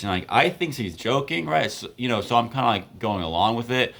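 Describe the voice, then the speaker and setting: A man's voice: mid-range voice, expressive, fairly quick, gravelly, hardly any pauses, a bit bright. Rambling young man telling a date story. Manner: rambling, filler-heavy, laughs between lines. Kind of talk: casual storytelling to camera.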